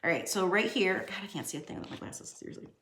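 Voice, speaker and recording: A woman's voice: fairly low pitch, big pitch swings, fast talker, fairly bright tone, a little hiss or hum. Young woman art teacher, jokey and chatty, voice jumps up and down a lot, roomy echo. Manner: chatty, jokey, talks to herself while drawing. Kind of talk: casual drawing lesson. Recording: echoey room.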